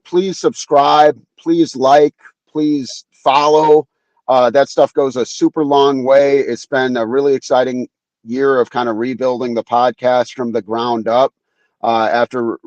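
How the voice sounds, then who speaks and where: A man's voice: mid-range voice, no echo, muffled recording. A man guesting on a sports talk show, talking casually and loosely with lots of fillers. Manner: relaxed, filler-heavy, laid-back. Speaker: podcast guest.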